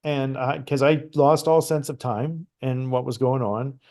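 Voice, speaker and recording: A middle-aged man from Canada, a guest on a conversational show, telling a personal story in a lively, animated way with frequent restarts. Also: mid-range voice, unhurried. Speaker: guest psychic medium.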